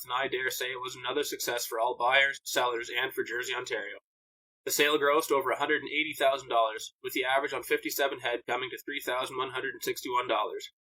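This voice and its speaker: Male host, thirties, plain and friendly; smooth read-out intro with soft trailing phrase endings, then casual questions. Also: mid-range voice, rough recording. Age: 30s. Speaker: podcast host.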